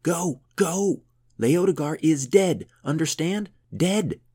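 A man voicing a timid, nervous elderly priest who talks in an anxious, breathless way, his voice pushed noticeably higher. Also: big pitch swings, moderate pace, darkish tone, husky. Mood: frantic shouting.

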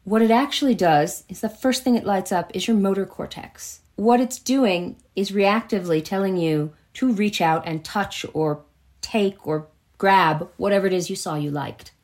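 American woman spinning a lively story, acts out everyone in it, mid pitch. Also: moderate pace. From United States. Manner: lively, acts out quoted voices in her stories. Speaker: author and jewelry designer, podcast guest. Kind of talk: animated anecdotal storytelling.

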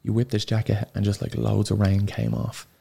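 A man in his thirties with an Irish accent, a podcast guest telling an emotional personal story, halting and sorrowful, swearing freely. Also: on the low side, completely flat delivery, creaky, warm tone, husky. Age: 30s.

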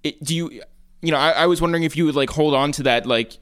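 A man hosting a casual interview, asking his questions in a relaxed, conversational way and often restarting them. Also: fairly high pitch, quick pace, clear, resonant tone. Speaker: podcast host.

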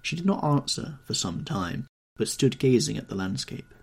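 A man narrating a classic novel in a measured, expressive audiobook reading. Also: mid-range voice, gravelly, husky. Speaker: audiobook reader.

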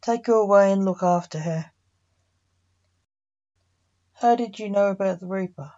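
A woman reading a fantasy story aloud, voicing all the characters in a mostly even narrating voice. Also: mid-range voice, measured pace. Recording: muffled lo-fi recording.

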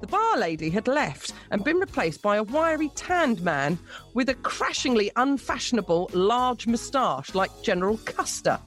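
A woman co-hosting a radio show, reading a listener's story aloud with lively, amused storytelling. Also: fairly high pitch, normal speed, soft background music. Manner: lively, amused storytelling, laughing between lines. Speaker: radio co-host.

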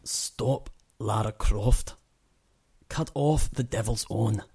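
A man putting on a terrible Scottish accent, reciting a funeral poem in slow, mock-grieving tones. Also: on the low side, gravelly, a little mellow, slightly rough, heavily acted. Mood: mock-solemn. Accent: put-on Scottish. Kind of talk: dramatic poetry reading.

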